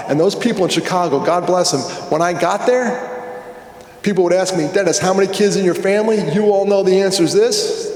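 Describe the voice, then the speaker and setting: Male conference speaker, chatty storyteller who works the crowd, voice a bit high, in a reverberant hall. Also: a little mellow. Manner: conversational, jokey, asks the audience questions. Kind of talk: storytelling keynote talk. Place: large hall with an audience. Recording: echoey hall, long reverb.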